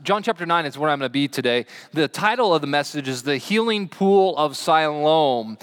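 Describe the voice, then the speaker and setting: Pastor, male, sermon in a church; fairly high, smooth voice, chatty with the congregation. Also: lively intonation, normal speed, few pauses, a bit bright. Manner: chatty, asks the congregation questions. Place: church sanctuary.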